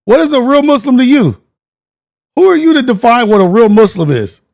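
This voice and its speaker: Male show host, high voice, casual slangy reaction rant. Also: brisk, vocal fry. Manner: animated, slangy rant with rhetorical questions.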